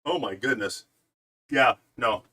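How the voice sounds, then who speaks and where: A man's voice: mid-range voice, slow pace, sharp tone, rough recording. A middle-aged man and father chatting and chuckling as he explains his cooking steps in a home kitchen. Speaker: father in a cook-off. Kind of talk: casual chat and cooking narration.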